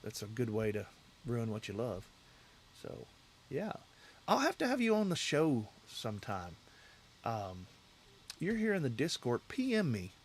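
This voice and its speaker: Man, livestream host, casual chat, rambling, speaks directly to viewers, average pitch. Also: huge pitch swings, measured pace, a little hiss or hum.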